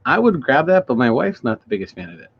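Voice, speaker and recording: A man's voice: mid-range voice, big pitch swings, quick pace, breathy edge. A married man co-hosting a casual podcast, telling rambling stories in a laid-back way. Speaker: podcast co-host. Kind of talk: casual chat. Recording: dull lo-fi sound.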